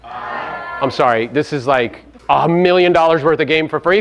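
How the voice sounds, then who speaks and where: A man's voice: a little high, moderate pace, soft background music. A man giving a live motivational seminar talk to real estate agents, brash and profane, firing rhetorical questions at the audience.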